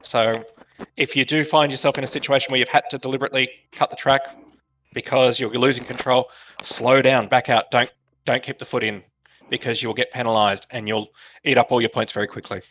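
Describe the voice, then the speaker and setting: A man's voice: mid-range voice, fairly even intonation, a little fast, fairly bright tone, muffled recording, a little hiss or hum. A man giving the race briefing over voice chat to online sim racers. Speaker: race director.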